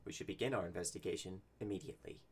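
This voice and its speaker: A man's voice: low voice, racing, a little mellow, breathy edge. A man playing a tabletop role-playing game, speaking in stiff, formal in-character lines. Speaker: player.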